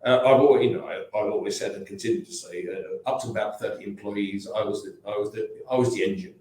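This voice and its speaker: A man's voice: on the low side, steady tone, fast, mellow. A man in his sixties with an English accent, a company founder telling rambling anecdotes in a casual interview, with restarts and asides. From England. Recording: very echoey room.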